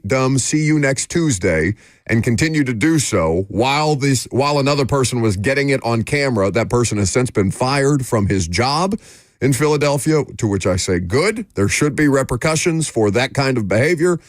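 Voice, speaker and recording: A man's voice: mid-range voice, lively intonation, moderate pace, no room sound. Sports radio guy ranting his takes, medium voice, dry studio mic. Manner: opinionated, emphatic ranting. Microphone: studio microphone.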